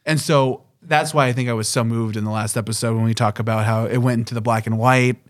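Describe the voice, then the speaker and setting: A man's voice: medium pitch, fairly even intonation, quick pace, dry recording. Man, podcast co-host, thoughtful, analytical, casual chat, dry sound.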